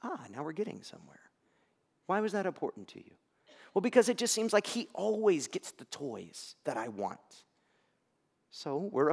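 A male pastor preaching with a lively, swooping delivery that sometimes sinks to a hush. His voice sits a little high for a man. The sound rings in a long, echoey hall. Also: moderate pace. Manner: animated storytelling, dropping to near-whispers. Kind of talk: sermon.

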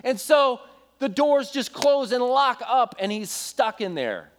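A young adult male pastor preaching a sermon, telling a story in a casual, animated way with asides to the congregation. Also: extremely high pitch, slow pace.

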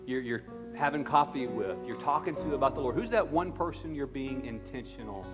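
A man's voice: mid-range voice, lively intonation, brisk, music in the background. A man in his thirties preaching a sermon as pastor, earnest and conversational with playful asides. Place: church sanctuary. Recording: long reverb of a church hall.

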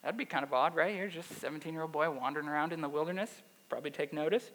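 A man with a fairly high voice preaches a lively sermon, throwing questions out to his listeners. His voice rings in a hall with a long reverb. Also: racing. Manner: animated, asks the audience questions. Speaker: pastor. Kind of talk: sermon with scripture reading.

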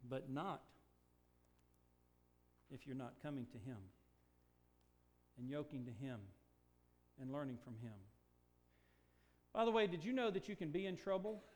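An older man preaching a sermon, moving from quiet, reflective talk to slow, emphatic declarations. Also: on the high side. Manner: preaching, swings from hushed to emphatic, stretched slow phrases. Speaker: pastor.

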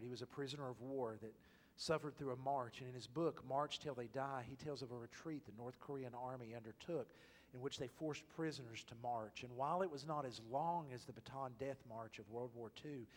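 A male pastor preaching a sermon, swinging from loud, emphatic exhortation to hushed whispers. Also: medium pitch. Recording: long reverb of a large hall.

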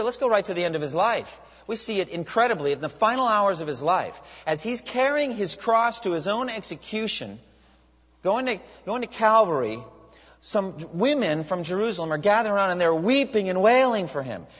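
A man preaching a sermon as a pastor, animated, with many rhetorical questions. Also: high-pitched, moderate pace. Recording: dull lo-fi sound with long hall reverb.

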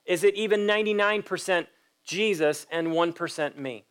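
A man's voice: high-pitched, moderate pace, a bit bright, clean tone. A man preaching a sermon as pastor, emphatic and direct, putting pointed questions to his listeners. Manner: acts out quoted voices in a story.

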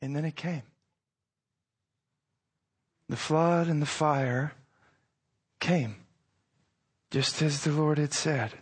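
A high-pitched male pastor delivering a sermon in an easy, conversational tone. He poses rhetorical questions and lets his voice swing from hushed to emphatic. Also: slow pace, pauses often, breathy edge.

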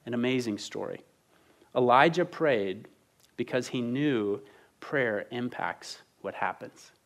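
Guy in his 30s preaching, earnest and chatty, restarts a lot, mid-pitched voice. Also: expressive, slow pace, a bit bright. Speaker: pastor. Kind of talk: sermon.

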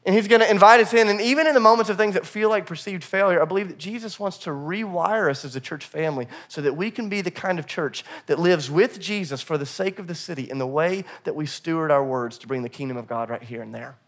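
A male pastor preaching a sermon. He tells a personal story in a lively way and acts out the people in it. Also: high voice, fast talker, few pauses. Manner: animated storyteller, voices the people in his story.

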